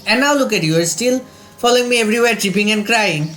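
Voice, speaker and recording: A man's voice: high voice, fast, fairly bright tone, soft background music. A man voicing a bossy young male fighter who teases a childhood friend, read in a scolding, mocking way. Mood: teasing.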